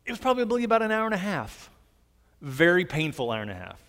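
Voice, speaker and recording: A man delivering a sermon with an earnest, gentle manner, his voice sitting a little higher than most men's. The sound hangs in a long reverb, as in a large hall. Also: very animated, fast talker. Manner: earnest, gentle storytelling preacher. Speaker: pastor.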